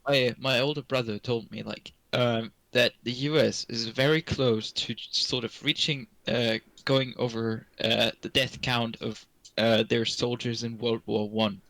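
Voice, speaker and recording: A man co-hosting a casual podcast, halting and filling pauses with "uh" and "like". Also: mid-range voice, fairly even intonation, a bit bright, no room sound, low-quality recording. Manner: halting, many fillers. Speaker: podcast co-host. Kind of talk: casual chat.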